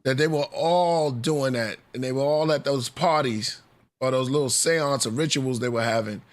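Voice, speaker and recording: Man, podcast host, casual, rambling, filler-heavy, mid pitch. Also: normal speed. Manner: rambling, searching for words, many fillers.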